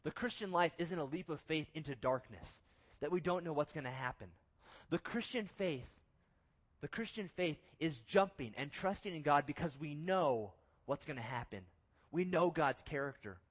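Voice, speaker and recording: A young man giving a youth sermon, telling a story with lively quoted inner thoughts and rhetorical questions. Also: on the high side, moderate pace, husky. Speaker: youth pastor.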